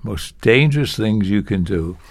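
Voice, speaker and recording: A man's voice: on the low side, lively intonation, measured pace. A man giving preaching advice in a podcast conversation, chuckling between points. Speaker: preaching teacher.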